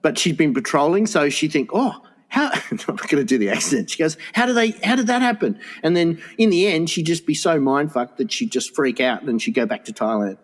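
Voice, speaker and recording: A man's voice: on the high side, animated, a little fast, few pauses. A man co-hosting a comedy podcast, crude and teasing, laughing often. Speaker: podcast co-host. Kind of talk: casual comedy chat.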